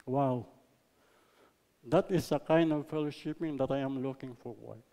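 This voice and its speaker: A man with a Filipino accent preaching a sermon, mixing English and Tagalog, stressing words loudly and then letting lines trail off softly. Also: mid-range voice, normal speed, in a large hall. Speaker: pastor. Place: church hall.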